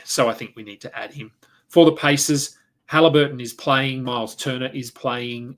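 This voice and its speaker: Guy doing a solo sports podcast, mid pitch, chatty and thinking out loud, lots of uhs and little corrections. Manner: conversational, thinks aloud with fillers and self-corrections. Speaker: fantasy basketball podcast host.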